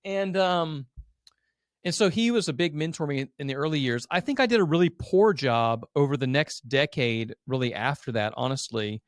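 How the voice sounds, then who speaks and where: A man's voice: fairly high pitch, animated, moderate pace, dry recording, studio quality. A man in his thirties, a podcast guest who owns an agency, telling his story candidly and earnestly, open about being a crier. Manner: earnest and emotional, a self-described crier.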